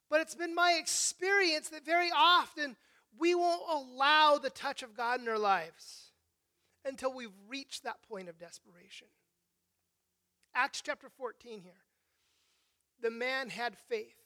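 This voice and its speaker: Delivering a sermon with emphasis, this preacher speaks in a bright, high voice that drops to a hush and then rises. Rhetorical "right?" checks come often, and phrases are frequently restarted.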